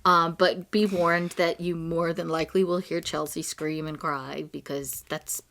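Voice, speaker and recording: A woman co-hosting a casual chat, talking in a hesitant, soft-spoken way. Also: sits low, level tone, measured pace, creaky. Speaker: co-host.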